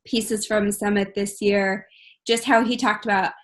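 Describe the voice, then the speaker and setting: A woman's voice: medium pitch, unhurried. Bubbly young woman chatting casually. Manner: bubbly, animated storytelling with laughs. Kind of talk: casual chat.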